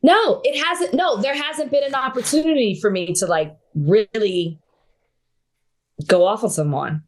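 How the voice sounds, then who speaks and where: A woman's voice: fairly high pitch, a little slow. A woman co-hosting a podcast, bantering and laughing in casual chat. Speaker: podcast co-host.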